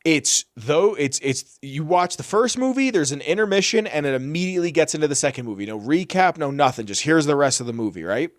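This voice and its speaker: A man co-hosting a podcast, telling stories in a casual, animated and profane way. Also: a little high, a little fast, hardly any pauses, dry recording, studio quality. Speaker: podcast co-host. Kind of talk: casual chat.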